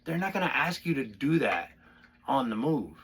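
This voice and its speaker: Animated, bright-voiced man teaching drums. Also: mid-range voice, moderate pace, husky. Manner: animated, swings between soft asides and loud bursts. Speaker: drum instructor. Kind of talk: casual drumming lesson.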